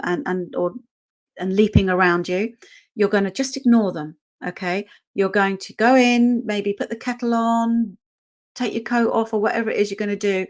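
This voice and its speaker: Woman teaching dog training. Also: medium pitch. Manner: conversational, checks in with "okay?" often. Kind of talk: online training workshop.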